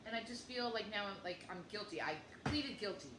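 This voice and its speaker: Brisk and lively in intonation, this woman in her fifties speaks at a medium pitch while co-hosting a podcast. Her casual chat wanders through stories where she plays both parties in each exchange, recorded in a room with echo and faint background noise.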